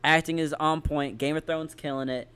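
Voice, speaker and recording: A man chatting as a podcast co-host, gushing and swearing freely. His voice sits a little high and sounds smooth and clear. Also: fairly even intonation, moderate pace, bright, forceful tone. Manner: casual, profane, enthusiastic. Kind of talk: casual chat.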